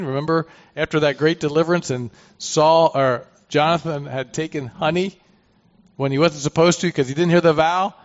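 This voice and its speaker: A man teaching through a Bible passage, reading verses aloud and commenting in a conversational way with asides. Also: a little high. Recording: dull lo-fi recording.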